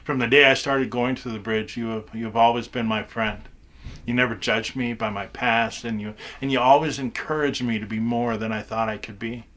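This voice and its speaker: A man's voice: medium pitch, fairly even intonation, normal speed, fairly bright tone. A man who is a pastor giving an earnest farewell tribute in a church, often stumbling and repeating words. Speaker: pastor and mission chaplain.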